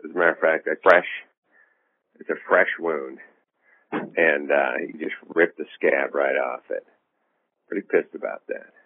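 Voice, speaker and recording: A comedian and podcast host talking in a phone interview, rambling and sardonic with a self-assured edge. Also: male voice, extremely low pitch, fairly even intonation, measured pace, long pauses, slight background noise. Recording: dull lo-fi line.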